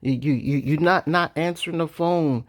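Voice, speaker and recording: A man giving casual, animated commentary with slang, often jumping into mocking voices. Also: normal speed. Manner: animated, slangy, jumps into high-pitched mock voices. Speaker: vlogger.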